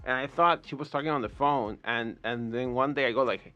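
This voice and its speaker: Animated, profane man telling stories. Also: mid-range voice, fairly quick, few pauses, dull audio. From Puerto Rico. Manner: profane, animated storytelling with acted quotes. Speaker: podcast guest. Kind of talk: casual storytelling.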